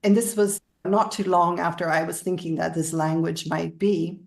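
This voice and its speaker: Low, gravelly woman telling a story. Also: steady tone, normal speed, a little mellow. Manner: rambling, laughs often while telling stories. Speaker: interview guest. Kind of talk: conversational storytelling.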